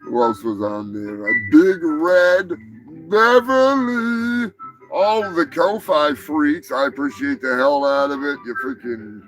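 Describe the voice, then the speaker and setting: A man's voice: a little high, animated, slow, a bit bright, faint music behind, low-quality recording. A man hosting a casual live comedy show, talking in a profane, rambling, offhand way. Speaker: host.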